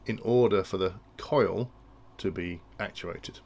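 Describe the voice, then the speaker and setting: A man's voice: low voice, slow, a little mellow. A man explaining industrial control logic in a tutorial, thinking aloud and often restarting his sentences. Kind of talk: technical tutorial walkthrough.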